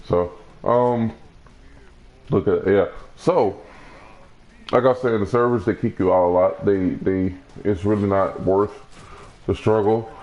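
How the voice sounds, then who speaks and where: A young man with a lowish voice rambles through casual gaming talk, circling back on himself with restarts and fillers. The sound is dull and lo-fi, like stream audio from a console. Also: fairly even intonation, slow, long pauses, a little mellow.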